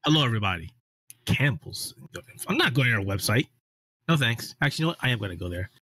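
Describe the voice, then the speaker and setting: A man's voice: mid-range voice, sing-song, a bit bright, husky, no room sound. A man co-hosting a casual gaming podcast, trading sarcastic jokes. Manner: sarcastic, quick joking banter. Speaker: podcast co-host, editor-in-chief.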